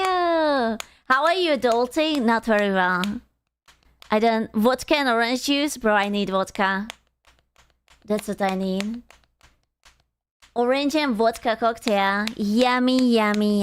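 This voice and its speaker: A woman's voice: a little high, slight background noise. A woman streamer chatting casually with her viewers, dramatic and self-deprecating, swearing freely.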